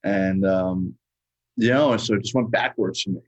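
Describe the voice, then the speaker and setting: A man's voice: sits low, moderate pace, dry recording, low-quality recording. A man from New York, a musician and guest, chatting from his home studio and rambling with constant "you know"s. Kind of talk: casual interview chat.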